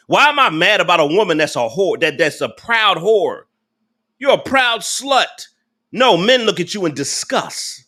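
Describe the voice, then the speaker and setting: A man's voice: sits high, bright, forceful tone. A man hosting a live reaction stream, ranting in an angry, preachy and profane way. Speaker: host of a live reaction channel.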